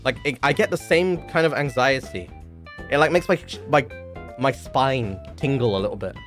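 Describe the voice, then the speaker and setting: Rambling low-voiced male streamer. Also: animated, normal speed, fairly bright tone, soft background music. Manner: rambling, full of "like" fillers and swearing. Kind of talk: casual storytelling stream.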